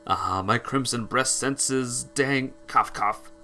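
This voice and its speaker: A man's voice: medium pitch, slow pace, sharp tone, faint music behind. A man voicing a pompous, dramatic young bird who speaks in grand, theatrical tones. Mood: grandiose.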